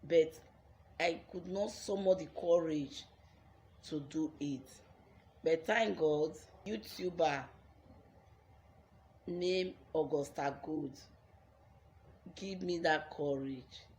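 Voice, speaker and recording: A woman's voice: low voice, slow, pauses often, a little mellow, a little hiss or hum. A young Nigerian woman with a Nigerian accent telling her own life story on her vlog, earnest and repeating phrases for emphasis.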